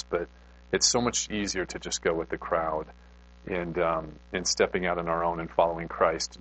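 Man, low-pitched, chatty extrovert preacher, self-deprecating storyteller. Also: rough recording. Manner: storytelling, animated, self-deprecating, frequent restarts. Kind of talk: conversational sermon.

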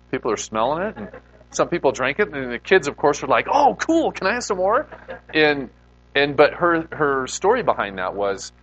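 A man's voice: mid-range voice, a bit bright, dull audio. A male pastor giving a conversational sermon in an informal way, putting rhetorical questions to his listeners.

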